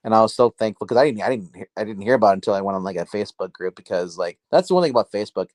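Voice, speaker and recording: A man chatting casually on a livestream about comics from his dark home, rambling and restarting his sentences. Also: on the low side, expressive, racing, no echo. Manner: rambling, self-interrupting, filler-heavy. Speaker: comic book livestream host. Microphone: phone.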